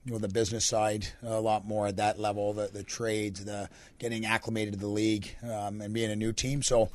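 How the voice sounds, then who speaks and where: A young Canadian man, a hockey coach with a deep, raspy voice, answering radio interview questions in a relaxed, rambling way. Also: brisk. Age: young adult. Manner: relaxed, rambling answers with many fillers and restarts.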